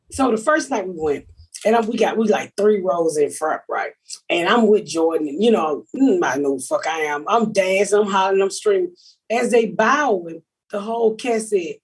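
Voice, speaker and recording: Woman, comic podcast host, husky and brash, profane storyteller. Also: medium pitch, animated, normal speed, darkish tone. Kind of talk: casual comedic chat.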